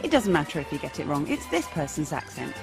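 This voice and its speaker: This improv teacher speaks fast in a low, creaky voice over music. Her scripted lesson on improv comedy is playful and lively, and she slips into character voices as she goes.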